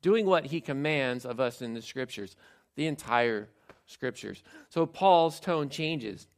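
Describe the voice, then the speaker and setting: Gravelly-voiced man preaching casually. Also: medium pitch, lively intonation, slow pace. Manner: conversational, self-deprecating storytelling. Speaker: pastor. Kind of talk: sermon.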